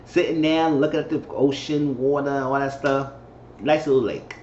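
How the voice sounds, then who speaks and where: A man giving a casual, chatty recap of a TV episode, repeating himself as he goes and now and then acting out characters' lines in a high falsetto. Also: fairly even intonation, normal speed, darkish tone. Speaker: TV episode reviewer. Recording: muffled, roomy recording with faint hiss.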